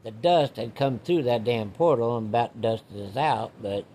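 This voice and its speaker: Guy just rambling thru an old story, mellow dark voice, folksy drawl. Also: medium pitch, moderate pace. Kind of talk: casual spoken storytelling.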